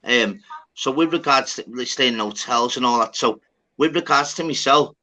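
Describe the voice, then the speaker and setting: A man's voice: mid-range voice, normal speed, bright, forceful tone, poor audio. A man telling a rambling, sweary story in casual chat. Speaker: podcast talker.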